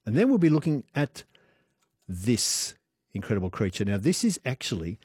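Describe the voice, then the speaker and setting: A man's voice: medium pitch, sing-song, moderate pace, darkish tone, breathy edge, no room sound, studio quality. A man with an Australian accent hosting an evening radio show, chatty and playful, laughing easily. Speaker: radio host. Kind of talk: casual radio chat. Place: radio studio.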